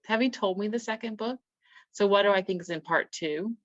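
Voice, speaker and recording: A woman's voice: medium pitch, a little fast, dry recording, highs cut off. A woman co-hosting a podcast, asking questions about a book in an easygoing, wry way. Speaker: podcast co-host. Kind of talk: casual book chat.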